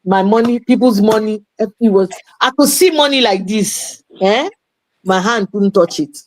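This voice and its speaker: A woman's voice: medium pitch, a little slow, rough recording. A woman, an interview guest telling her story in casual talk, dropping Yoruba phrases into English. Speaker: interview guest, playwright and promoter.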